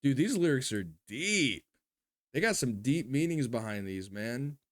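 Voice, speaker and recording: This is a man working as a youth pastor, talking through a reaction video in an excitable, exclamatory way. His pitch swings widely as he speaks. He turns reflective when he reads song lyrics aloud. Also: a little slow. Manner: excitable, exclaims often, says "dude" and "bro".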